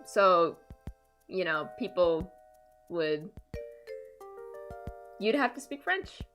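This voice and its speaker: Unhurried Canadian woman streamer chatting. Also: lowish voice, sing-song, a bit bright, soft background music. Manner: chatty, laughs often, reads and answers chat. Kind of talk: casual live-stream chat.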